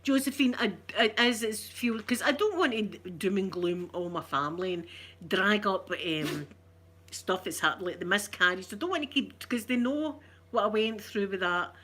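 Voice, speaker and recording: A Scottish woman talking to her viewers in a loose, rambling livestream chat. Her voice sits at a middling pitch, and she teases herself as she goes. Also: lively intonation, moderate pace, a bit bright, slight background noise. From Scotland. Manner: rambling, chatty and self-teasing. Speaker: ASMR streamer chatting with viewers.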